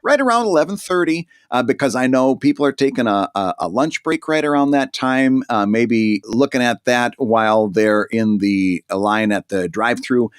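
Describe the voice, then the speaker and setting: A man's voice: medium pitch, expressive, moderate pace, hardly any pauses, clean tone, dry recording, clean studio sound. A man co-hosting a casual podcast about making comics, chatty and good-natured, talking through his ideas with frequent restarts. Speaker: podcast co-host.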